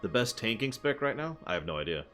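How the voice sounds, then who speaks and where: A man's voice: medium pitch, sing-song, quick pace, sharp tone, faint music behind. A man streaming a video game, chatting casually and answering his chat as he plays. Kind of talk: casual gameplay commentary.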